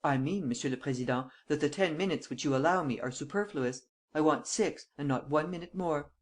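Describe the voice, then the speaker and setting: An audiobook reader voicing a cool French chief detective, a man who speaks calmly and weighs each word, a little lower than the narration. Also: close to an everyday voice. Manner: calm, measured, dry.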